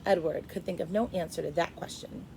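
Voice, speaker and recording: A woman teacher reading a chapter book aloud to first graders, expressive and stopping to explain. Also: on the low side, a little fast, gravelly, slight background noise, rough recording. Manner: expressive, stops to explain to kids.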